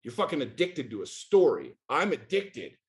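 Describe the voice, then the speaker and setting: A man's voice: fairly high pitch, very animated, moderate pace. A man in his forties from the United States, a podcast guest talking in a blunt, emphatic, profane way. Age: 40s. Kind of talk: casual chat.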